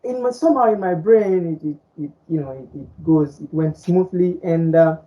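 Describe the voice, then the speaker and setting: A woman's voice: low voice, moderate pace. A woman podcast co-host from French-speaking Africa, a native Fulani speaker, chatting casually, rambling and repeating words with many "you know"s. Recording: dull lo-fi audio.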